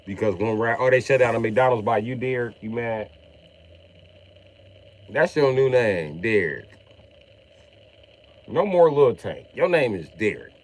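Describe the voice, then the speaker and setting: A man's voice: mid-range voice, animated, measured pace, pauses often. A young man streaming live, casually reading comments and mock-scolding a viewer by name. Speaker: livestream host.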